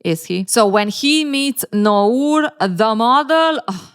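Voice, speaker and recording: A woman's voice: a little high, animated, takes it slowly, clean tone. A woman giving casual relationship commentary for a video, sarcastic and teasing, with frequent laughs and playful asides.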